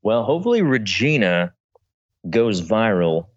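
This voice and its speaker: Casting: very deep, halting guy in comedic chat, muffled lo-fi sound. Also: sing-song. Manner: hesitant, halting. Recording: dull lo-fi audio.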